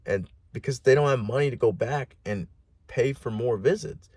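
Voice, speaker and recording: A man's voice: medium pitch, moderate pace, a little mellow, slightly rough, dry recording. A man hosting a podcast alone, rambling in a casual monologue with heavy swearing, lots of "like" and restarts. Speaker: podcast host.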